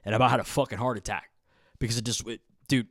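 A man's voice: mid-range voice, fairly even intonation, very fast, a bit bright, dry recording, studio quality. A man with a Southern Ohio accent hosting a solo podcast, talking off the cuff in a profane, rambling, laid-back way. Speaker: podcast host. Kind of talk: unscripted solo podcast chat.

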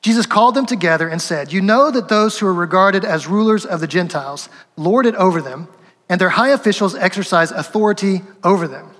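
A man's voice: high-pitched, fairly quick, a bit bright, big-room sound. A male pastor giving a sermon in a conversational way, acting out quotes and asking rhetorical questions. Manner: conversational, acts out quotes, chuckles, rhetorical asides.

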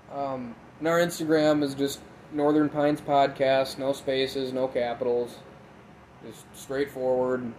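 A man's voice: fairly high pitch, warm tone, slight background noise, low-quality recording. A young man from Minnesota with a Minnesotan accent, hosting a podcast in a rambling, profane monologue, recorded on a phone inside a tin building. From Midwest, Minnesota. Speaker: podcast host. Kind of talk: casual solo podcast monologue.

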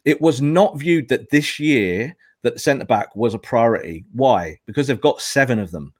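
A man's voice: mid-range voice, expressive, normal speed, dry recording. Emphatic man arguing football, dry sound. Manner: emphatic, argumentative, lecturing. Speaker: guest football pundit. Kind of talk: podcast football discussion.

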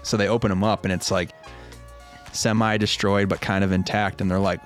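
Deep, flat-voiced man telling a story. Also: a little fast, faint music behind. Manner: rambling storyteller, swears freely. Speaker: podcast co-host. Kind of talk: casual chat.

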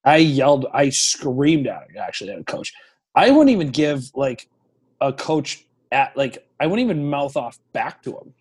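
A man in his thirties, a hockey goaltender, telling stories as a podcast guest in an animated, profane, rambling way. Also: medium pitch, moderate pace, slightly rough. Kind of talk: casual podcast storytelling.

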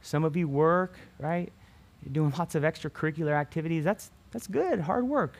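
A man's voice: on the high side, animated, moderate pace, vocal fry. A man teaching a Bible passage to students in a casual sermon, often tagging his sentences with "right?" and restarting phrases. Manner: keeps adding "right?" tag questions; conversational, with restarts.

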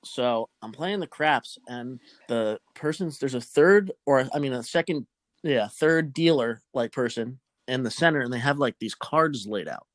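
A young man rambles through a story in loose, profane podcast chat. He sounds close and dry, with no room around him. His pitch sits at an ordinary middle for a man. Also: expressive, a little slow, no room sound. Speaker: podcast host.

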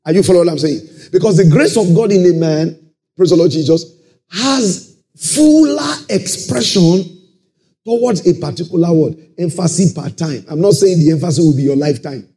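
A man's voice: on the high side, fast, mellow. A man preaching a sermon, often breaking in with praise and asking whether listeners are following. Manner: peppers talk with "praise the Lord" and checks listeners follow.

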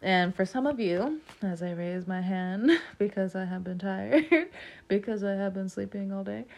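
Woman, tarot reader, casual to-camera reading, mid-pitched voice, talkative and giggly. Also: expressive, a little slow, creaky, darkish tone. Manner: chatty, laughs often, rambling asides.

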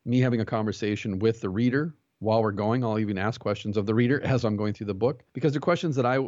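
Pastor guy on a podcast, low voice, talks fast and earnest, dry muffled sound. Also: dry recording. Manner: earnest, animated storytelling with quoted dialogue. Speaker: pastor and jiu-jitsu instructor, podcast guest. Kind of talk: conversational interview.

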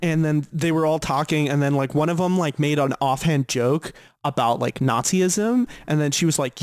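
A man's voice: fairly high pitch, moderate pace, hardly any pauses, clear, resonant tone. A young man co-hosting a podcast, telling a rambling story full of filler words in a casual chat. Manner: rambling, heavy use of "like" fillers. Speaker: podcast co-host.

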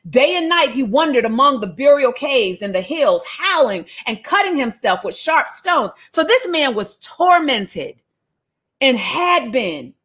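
A woman's voice: high-pitched, a bit bright. A woman teaching a Bible passage in a casual, slangy, storytelling sermon.

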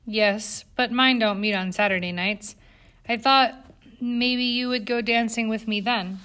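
A woman's voice: a little high, steady tone, unhurried, fairly bright tone, smooth. A woman reading aloud and voicing a cocky young male factory cutter who talks in a coaxing way.

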